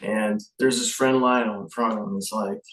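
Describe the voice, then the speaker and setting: A man giving a casual, halting movie review, slow and full of fillers and restarts. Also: lowish voice, fairly even intonation, a bit bright, recorded from a distance, a little hiss or hum. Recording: echoey room, off-mic.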